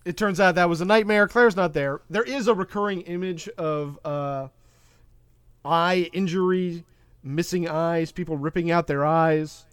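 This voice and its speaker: A man hosts a casual movie podcast and recaps the plot in a rambling way, full of fillers and quick asides. His voice sits fairly high. The mic is close and the sound is dry. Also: clean tone, dry recording. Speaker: podcast host.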